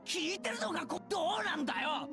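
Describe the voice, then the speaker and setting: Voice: extremely high pitch, animated, very fast, creaky, heavily acted. An actor voicing a hot-headed teenage boy in Japanese game voice acting, brash and defensive. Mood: badgering. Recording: game audio over background music. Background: background music.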